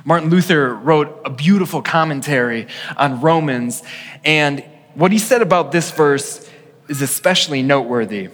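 A man's voice: a little high, moderate pace. Male pastor preaching in a reverberant hall. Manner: earnest preaching, swings from hushed to emphatic. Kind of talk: sermon.

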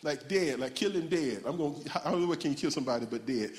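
Playful high-voiced preacher in a reverberant hall. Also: male voice, expressive, fairly quick, slight background noise. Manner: playful, banters with the congregation. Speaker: pastor. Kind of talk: sermon. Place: large church hall.

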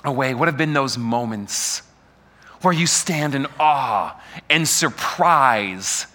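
A man preaching a sermon, animated and full of rhetorical questions aimed at the congregation. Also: mid-range voice, drawn-out words.

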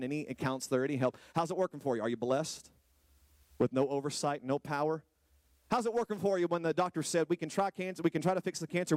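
A man preaching a sermon to a congregation, firing rhetorical questions and swinging from low, quiet lines to high, drawn-out exclamations. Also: no room sound. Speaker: pastor. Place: church hall with a congregation.

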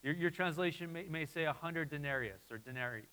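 A man preaching a sermon as pastor, animated and repeating his phrases as he voices listeners' doubts. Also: on the high side, brisk, long reverb tail, poor audio.

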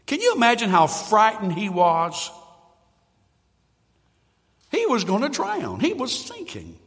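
A male pastor preaching a sermon in a church, swinging from loud emphatic lines to hushed ones. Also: high voice, wildly swooping pitch, takes it slowly, big-room sound. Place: church sanctuary.

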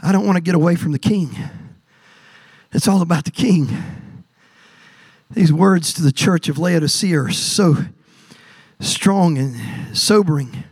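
High-voiced man preaching a sermon. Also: measured pace, slightly rough, no echo. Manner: preaching with rising emphatic surges and repeated words. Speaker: pastor. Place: church sanctuary.

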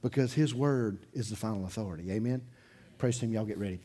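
A man preaching a sermon as pastor in his church, telling a story in a loose, conversational way, chuckling between sentences and swinging from loud bursts to quiet asides. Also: lowish voice, fast, husky. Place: church sanctuary, in front of a congregation.

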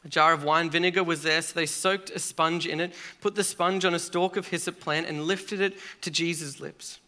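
Male preacher, fairly high, bright, earnest sermon delivery with weighty pauses. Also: steady tone.

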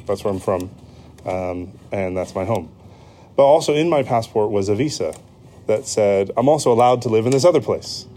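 A man's voice: lowish voice, expressive, moderate pace, mellow, slight background noise. An American man preaching a sermon in a conversational way, with frequent ums and self-corrections. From United States. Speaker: pastor.

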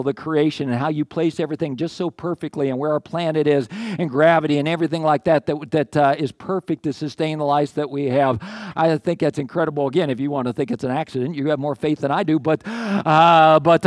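A man's voice: fairly high pitch, no room sound, clean studio sound. Man preaching a casual, conversational sermon. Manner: conversational preaching with asides and restarts. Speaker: pastor.

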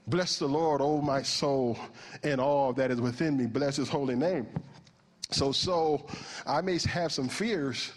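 A man preaching a sermon in an animated way, moving from hushed, almost whispered passages to loud, high shouts. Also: unhurried, big-room sound.

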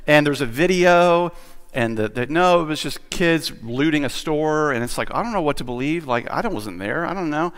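A man's voice: a little high, animated, moderate pace, a bit bright, clear, resonant tone. A man preaching as a pastor in a casual, conversational sermon, chatty and self-deprecating, with lots of fillers and restarts. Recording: long hall reverb.

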